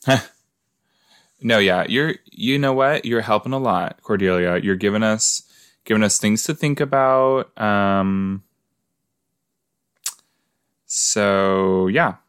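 Male podcast host, low voice, unhurried, rambling casual commentary. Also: a bit bright, smooth, no echo, studio quality. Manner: rambling, chatty, talks to absent listeners. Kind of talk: casual watch-along commentary.

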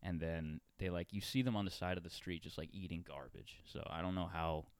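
A man's voice: low-pitched, steady tone, brisk, smooth, no echo. A man co-hosting a casual podcast from a bedroom, telling a rambling story with laughs and filler words. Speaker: podcast co-host. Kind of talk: casual chat.

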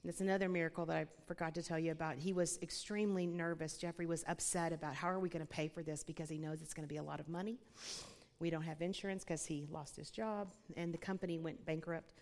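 A woman with a lowish voice tells her faith testimony in an animated, chatty way, laughing often and talking directly to the crowd. Her words ring out with a long reverb, as if she were speaking in a large hall. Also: fast talker. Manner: animated storyteller who laughs often and addresses listeners as y'all. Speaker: guest speaker sharing a testimony.

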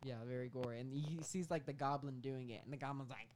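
A man of medium pitch pitches a story on a comedy podcast, rambling and casual. He trails off, restarts and fills gaps with "like" and "um" as he goes. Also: steady tone, quick pace, darkish tone. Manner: rambling storytelling with many fillers. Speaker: podcast co-host pitching a movie.

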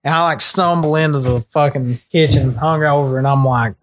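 A young American man, a podcast co-host, telling a long story in a casual, profane, animated way, full of slang. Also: fairly high pitch, moderate pace.

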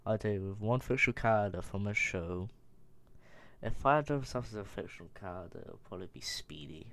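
A young man with a low, gravelly voice, reading out quiz questions and answering them himself. His replies are offhand and mumbled. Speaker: vlogger. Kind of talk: casual Q&A vlog.

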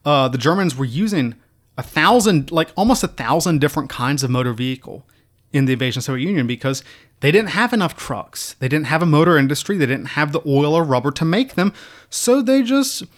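A man's voice: fairly high pitch, animated, fairly quick. A man hosting a casual history talk, emphatic, repeating key words for stress and slipping in mocking asides. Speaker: history video host.

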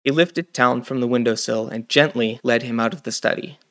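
Narrating a fantasy audiobook, a man with a brisk, mid-range voice handles the plain narration between characters. His storytelling is steady and scripted.

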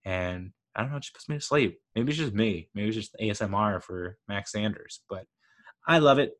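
A man's voice: lowish voice, animated, brisk, a bit bright. A man giving a casual, rambling spoken review of a TV show, enthusiastic and full of fillers like "uh" and "like".

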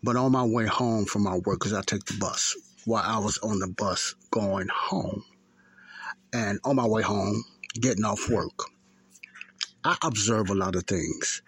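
A man's voice: fairly low pitch, measured pace, a bit bright, husky, no echo. A man, hosting a faith podcast and telling a story in a rambling, repetitive way. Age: 50s. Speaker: podcast host. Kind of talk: casual spoken testimony.

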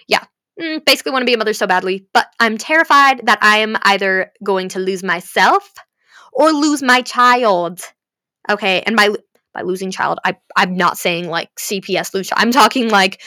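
Bright, rambling young woman vlogger. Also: mid-range voice, normal speed, dry recording, studio quality. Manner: rambling, swears freely, self-deprecating. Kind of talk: candid personal vlog.

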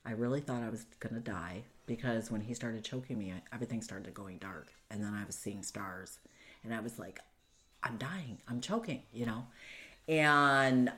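Female guest, very low register, earnest and halting personal account. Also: fairly bright tone. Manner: earnest, halting, with frequent fillers and restarts. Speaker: guest recounting domestic abuse. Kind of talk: personal storytelling in an interview.

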